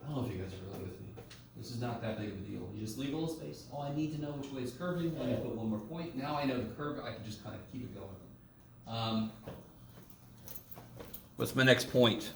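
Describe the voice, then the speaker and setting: A man's voice: mid-range voice, a little fast, gravelly. A man giving a casual, joking math lecture in a classroom, swearing now and then as he works through problems. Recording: echoey classroom from a distance, faint room noise.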